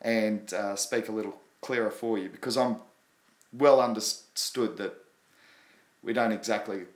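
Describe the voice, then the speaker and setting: A man with an Australian accent hosting a casual crypto livestream, talking quickly and rambling. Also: on the low side, steady tone, roomy sound. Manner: quick, rambling, apologetic about his pace. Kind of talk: casual live chat.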